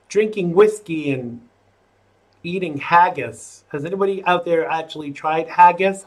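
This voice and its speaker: A man hosts his livestream in a loose, rambling way, tossing out jokes and asides to viewers. He talks at an unhurried pace, and his voice sits slightly high for a man. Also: fairly bright tone. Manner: rambling, jokey, chatty asides. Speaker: host of a live online talk show. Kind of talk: casual livestream chat.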